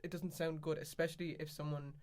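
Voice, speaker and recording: A woman's voice: sits low, flat delivery, quick pace, a little mellow. A woman from Galway with a Cork Irish accent, co-hosting a podcast in loose, rambling chat with frequent restarts and casual swearing. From Galway, Ireland. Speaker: podcast co-host.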